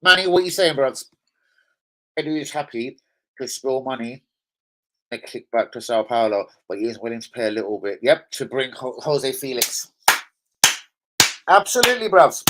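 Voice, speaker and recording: An angry man rants on a live stream as a football fan. He swears constantly and swings between loud outbursts and low, disgusted mutters. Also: big pitch swings, moderate pace, pauses often, a little hiss or hum.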